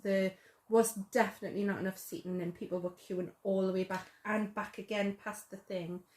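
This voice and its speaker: A young woman chats and gushes with easy enthusiasm, her pitch sitting in the middle of the range. She rambles happily through her stories as host. The room gives her voice a noticeable echo. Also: flat delivery, moderate pace, a little mellow, a little hiss or hum. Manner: chatty and enthusiastic, gushing. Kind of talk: casual chat. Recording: roomy echo.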